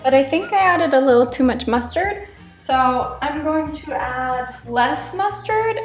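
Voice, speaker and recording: High-voiced woman chatting while cooking. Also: reverberant. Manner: chatty, rambling, self-amused. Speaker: cooking vlog host. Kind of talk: casual cooking commentary.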